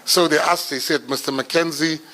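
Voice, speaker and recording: South African man, middle-aged, brisk storyteller, bright forceful tone, voice sits a bit high. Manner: animated, comic storyteller. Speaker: public speaker. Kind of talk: storytelling talk.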